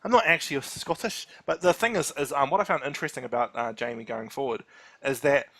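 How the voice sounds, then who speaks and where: A man co-hosting a casual podcast chat, animated, acting out quotes with laughing asides. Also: medium pitch, fast. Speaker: podcast co-host.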